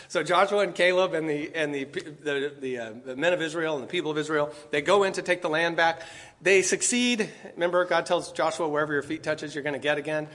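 Guy giving a sermon, kinda high voice, reads bible verses, keeps asking the crowd questions. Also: brisk, fairly bright tone. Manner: emphatic, reads scripture aloud, asks the audience questions. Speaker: preacher.

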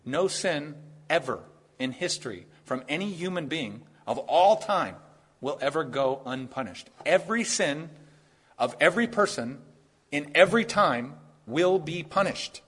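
Man, pastor, sermon, earnest, conversational, husky voice. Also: a little high, expressive, fairly bright tone. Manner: earnest, conversational preaching with quick asides.

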